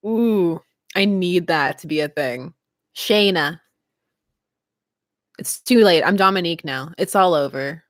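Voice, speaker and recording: A woman's voice: on the low side, measured pace, pauses often, no echo, studio quality. A woman hosting a livestream, chatting casually and giggling often. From Canada. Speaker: livestream host.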